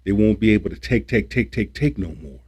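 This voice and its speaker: A man's voice: fairly low pitch, animated, fairly quick, darkish tone, slightly rough. A man hosting a livestream, ranting about politics in a preachy, repetitive, emphatic way and swearing when he gets worked up. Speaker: livestream host.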